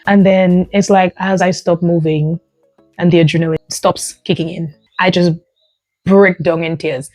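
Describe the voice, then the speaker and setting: A woman hosting her own podcast, telling a personal story in an animated, emphatic way, often breaking into laughter. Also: fairly low pitch, measured pace, dry recording, soft background music. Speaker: podcast host.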